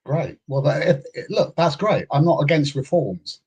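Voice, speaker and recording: Husky man arguing his point. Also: fairly high pitch, lively intonation, normal speed, darkish tone. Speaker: guest. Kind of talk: casual political debate.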